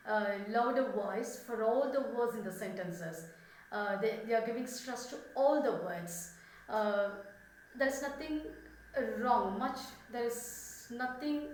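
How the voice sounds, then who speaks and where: Woman teaching english, lots of uh and restarts, bit high voice, really echoey room from far off. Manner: explains slowly with many fillers and restarts. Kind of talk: spoken lesson.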